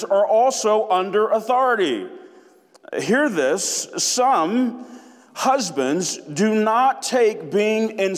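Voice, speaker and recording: A man preaching a sermon as pastor, emphatic and deliberate, repeating key phrases for weight. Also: high voice, long reverb tail.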